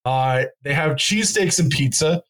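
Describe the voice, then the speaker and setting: A man's voice: a little high, moderate pace, a bit bright. Male podcast co-host, casual and chatty, with a dry sense of humor.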